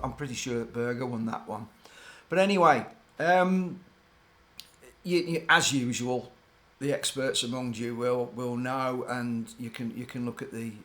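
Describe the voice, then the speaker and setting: A man's voice: medium pitch, a bit bright. Older guy telling old racing team stories, rambly and hesitant, keeps going off on tangents. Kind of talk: casual anecdotal storytelling.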